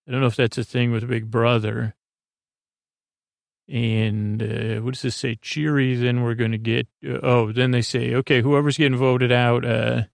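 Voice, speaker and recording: A man hosting a sleep podcast, recapping an episode in a halting, hesitant way with many pauses. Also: mid-range voice, gravelly, dry recording, studio quality. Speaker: podcast host.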